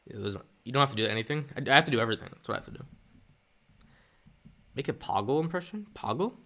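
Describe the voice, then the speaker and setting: Young male streamer with a lively, gravelly voice. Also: medium pitch, fast talker. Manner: self-deprecating, rambling. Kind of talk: casual live-stream chat.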